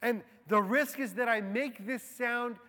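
A man preaching a sermon as a pastor, slow and deliberate, letting key phrases fall soft and quiet. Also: extremely high pitch. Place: church. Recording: long hall reverb.

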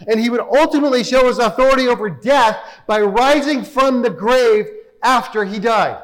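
Brief: male preacher, high voice, emphatic, asks rhetorical questions, church sanctuary. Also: long reverb tail, rough recording. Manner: emphatic, rhetorical questions, reads scripture aloud. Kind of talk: sermon.

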